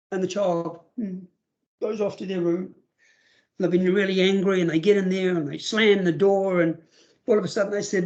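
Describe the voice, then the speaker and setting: High-voiced man giving a webinar. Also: normal speed, a little mellow, lo-fi sound. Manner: conversational, acts out scenarios, frequent fillers. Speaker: trainer for foster carers. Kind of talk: webinar presentation. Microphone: video call.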